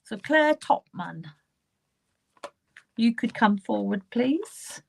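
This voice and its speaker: A British woman gives live psychic card readings, her voice sitting a little high. She talks steadily and reassuringly, circling back to the same phrases and the client's name as she draws cards. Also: expressive, slow pace, gravelly, husky. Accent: British English. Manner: warm, reassuring, repeats names and phrases while drawing cards.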